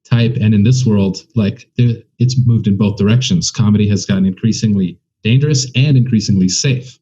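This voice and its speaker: American guy rambling his opinions, kinda low voice, muffled lo-fi audio. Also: brisk, mellow, slightly rough. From United States. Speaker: comedian guest. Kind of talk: casual conversation.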